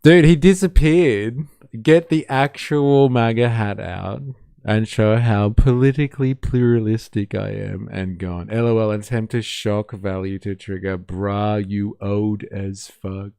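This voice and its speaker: A man's voice: lowish voice, steady tone, a little slow, gravelly, dark tone, clear, resonant tone, no room sound, studio quality. A man with a Western Sydney accent hosting a live stream, chatting casually with a sarcastic, teasing edge and frequent swearing. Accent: Western Sydney Australian. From Australia. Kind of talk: casual reaction stream chat.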